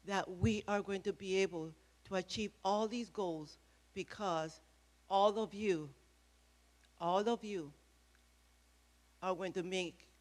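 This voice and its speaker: Passionate bright-voiced woman at a podium. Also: medium pitch. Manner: emphatic, rising energy, repeats phrases. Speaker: speaker at a press event. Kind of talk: passionate public speech. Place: event room with an audience. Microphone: podium microphone.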